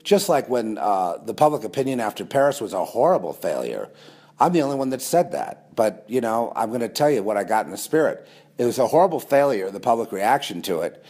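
A man's voice: lowish voice, sing-song, brisk, darkish tone. A man delivering a rambling monologue to camera, sarcastic, with mocking asides. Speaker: conspiracy video host.

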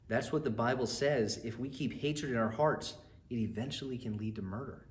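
A man's voice: mid-range voice, normal speed, slight background noise. A man from a church narrating a bedtime Bible story and earnestly preaching its lesson to children. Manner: earnest, addresses children directly. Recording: roomy echo.

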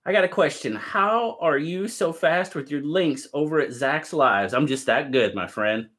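A man's voice: a little high, moderate pace, fairly bright tone. A man hosting a casual live stream, cheerfully greeting viewers by name and chatting about their gear.

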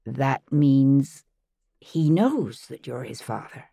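A woman's voice: extremely low pitch, expressive, takes it slowly, vocal fry, dark tone, slightly rough, no room sound, clean studio sound, full character voice. A woman voicing a curious, sympathetic grown daughter in an audiobook, speaking in a tentative, inquisitive way. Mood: gentle. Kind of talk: audiobook character voice.

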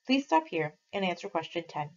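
A woman, a teacher, reading a novel aloud to her class in a steady, clear way. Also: fairly low pitch, a little fast, lo-fi sound.

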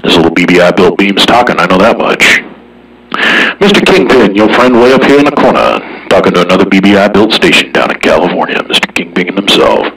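A man's voice: sits low, expressive, fast, hardly any pauses, fairly bright tone, slightly rough. A man chatting casually on the radio as an operator, with laid-back, joking banter. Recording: distant radio transmission.

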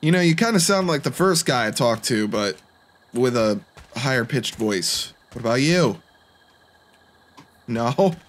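A young gaming YouTuber does let's-play commentary on a horror game, joking and poking fun at himself. His medium-pitched voice has lively intonation, moving a little slowly with long pauses.

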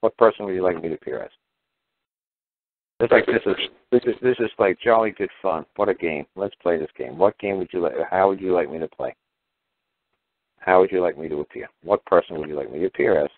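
A man talking casually on a call-in show, piling up rhetorical questions in an animated way. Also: sits low, brisk, no room sound. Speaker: guest caller explaining legal ideas. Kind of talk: casual phone-in talk. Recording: tinny phone line, dry.

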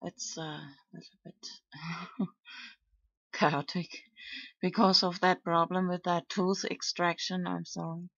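A woman talking casually in her video blog, hesitant and halting, often trailing off with fillers. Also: on the low side, little pitch movement, creaky, a bit bright, no echo, lo-fi sound. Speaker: video blogger. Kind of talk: casual vlog commentary.

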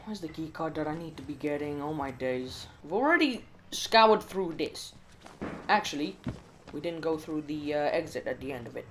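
A man's voice: a little high, steady tone, brisk, a little hiss or hum, low-quality recording. Jittery young man playing games. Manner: jittery, muttering to himself, frequent mild swearing. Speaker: gaming channel host. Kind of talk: let's play commentary.

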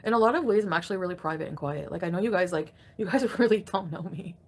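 A woman's voice: on the low side, fast, a little hiss or hum. Foul-mouthed woman ranting on a live stream. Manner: angry, profane venting with sharp loud outbursts. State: crabby and irritated. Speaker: livestreamer. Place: at home.

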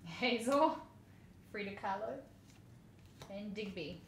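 Woman, casual commentary, unhurried, lively pitch, echoey room, faint hiss. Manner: chatty, giggly, squeals over cute cards. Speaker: vlogger.

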